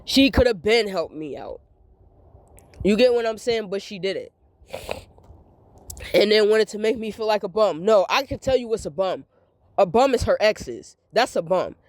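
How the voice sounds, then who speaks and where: A woman's voice: mid-range voice, lively intonation, normal speed, long pauses, a little mellow, dry recording. A young adult woman talking straight to her viewers in a candid monologue, venting emphatically and repeating her points. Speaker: vlogger.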